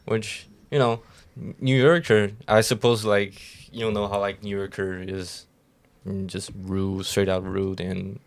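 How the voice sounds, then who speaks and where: A young man with a low, gravelly voice, not a native English speaker, rambling through a story on a casual podcast. He restarts his sentences often and keeps a relaxed, chatty pace. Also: measured pace. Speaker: podcast co-host.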